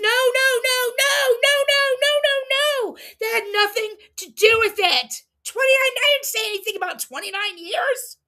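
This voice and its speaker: A woman hosting a casual livestream recap, reading quotes aloud with animated emphasis and laughing often. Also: very high-pitched. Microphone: streaming setup mic.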